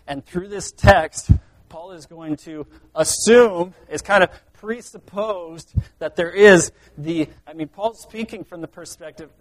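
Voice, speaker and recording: A man preaching a sermon, earnest, swinging between loud emphasis and quiet asides. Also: a little high, steady tone, unhurried. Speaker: pastor.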